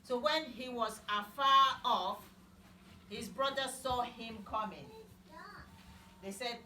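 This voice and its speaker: A woman's voice: a little high, pushed and bright, a little hiss or hum. A woman telling a Bible story to children in simple words, asking them questions as she goes, recorded in an echoey room far from the mic. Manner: slow, simple wording, asks children questions. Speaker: Bible teacher.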